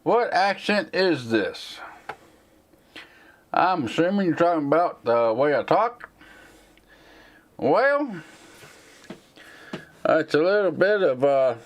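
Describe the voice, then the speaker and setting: A tech channel host from the United States, with a Southern American accent and a slight slur, rambles casually while answering viewer questions on a live stream. His voice is fairly high, swings widely in pitch, and moves slowly with frequent pauses.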